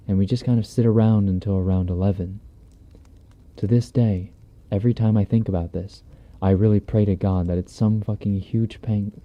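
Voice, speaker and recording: Male streamer, low dark tone, relaxed profane horror storytelling, slightly muffled stream sound. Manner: laid-back, profane, conversational delivery. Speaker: streamer reading horror stories. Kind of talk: casual horror story reading. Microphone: binaural dummy-head mic.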